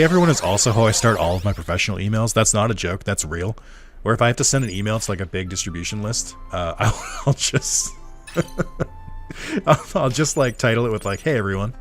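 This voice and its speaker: A man's voice: fairly low pitch, animated, a little fast, soft background music. A man hosting a let's play, chatting casually and rambling with self-deprecating asides while he plays. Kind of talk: casual gameplay commentary.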